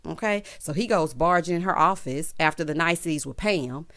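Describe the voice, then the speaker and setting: A woman giving a sassy, expressive TV recap, calling her viewers honey and child. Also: deep voice, brisk. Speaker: TV recap reviewer. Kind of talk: casual recap commentary.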